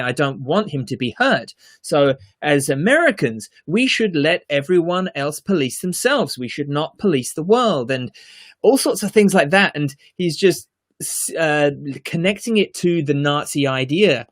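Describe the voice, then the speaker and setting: A man's voice: on the high side, a bit bright. A man co-hosting a podcast, reviewing a TV series in casual chat, earnest and emphatic, with frequent fillers and restarts.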